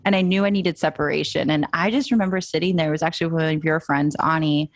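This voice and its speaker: A woman's voice: sits low, fairly even intonation, quick pace, no echo. A young woman, a photographer, chatting as an interview guest and acting out her own past thoughts as she tells her story. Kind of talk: casual interview chat. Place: moved to Austin.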